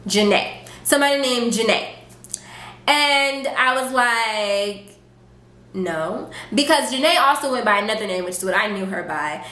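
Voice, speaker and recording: A young woman vlogger telling a casual storytime, chatty and animated, full of fillers and quoted asides. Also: a little high, a little slow. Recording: echoey room.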